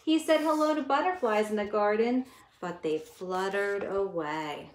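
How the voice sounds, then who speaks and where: A woman teacher reading a picture book aloud in a gentle, expressive way, talking to her listeners as she goes. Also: mid-range voice, measured pace. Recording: echoey room with faint noise.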